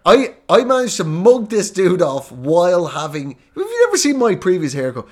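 Irish guy cohosting a comedy podcast, high voice, swoops all over, giggly storytelling. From Ireland. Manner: animated, laughs through his lines, quick asides. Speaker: podcast co-host.

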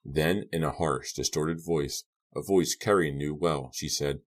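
A man reading a horror novel aloud as an audiobook narrator, in a measured, subdued way. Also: extremely low pitch.

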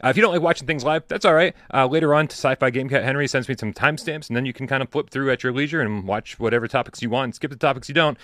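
A man hosting a live gaming podcast, chatting casually in a joking, rambling way with quick banter. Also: mid-range voice, a bit bright, dry recording, clean studio sound. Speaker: podcast host.

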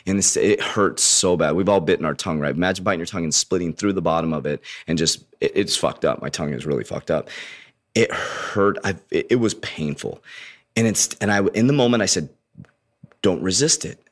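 Deep-voiced man with a slight lisp. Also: brisk. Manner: earnest, profane, addresses listeners as warriors. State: slight lisp from an injured tongue. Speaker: motivational speaker. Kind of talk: candid personal storytelling.

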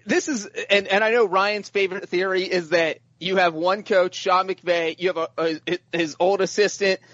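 High-voiced excitable man talking football. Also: normal speed, no echo, lo-fi sound. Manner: excitable, repeats words when starting sentences. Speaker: podcast panelist. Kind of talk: casual sports chat.

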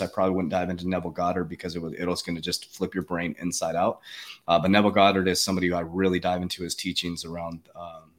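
A man's voice: low-pitched, fairly bright tone. A man hosting a casual chat, talking earnestly and emphatically with many fillers and restarts.

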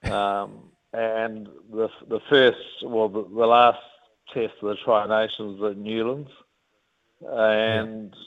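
A man in his fifties from New Zealand with a New Zealand accent, telling rugby stories as an interview guest in a rambling, animated way. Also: fairly low pitch, slow. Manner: rambling, animated, many restarts. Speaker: guest, former rugby captain. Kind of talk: casual interview storytelling. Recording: tinny phone-like line.

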